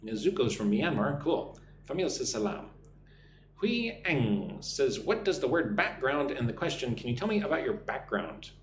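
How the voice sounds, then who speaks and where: A man from the United States teaching an English lesson on a live stream, speaking slowly and clearly for learners. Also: mid-range voice, very animated, echoey room, slight background noise. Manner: slow, clear drill phrasing for learners.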